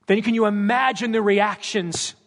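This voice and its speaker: A man preaching a sermon at his church, animated and dramatizing scripture with character voices. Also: sits high, moderate pace. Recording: long hall reverb.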